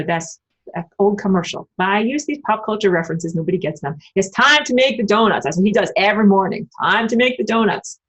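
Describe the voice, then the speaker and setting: Animated woman with a husky voice. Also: poor audio. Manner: animated, acts out voices with big pitch jumps; blunt, swears casually. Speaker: spiritual channel host. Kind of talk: casual spiritual monologue with live chat.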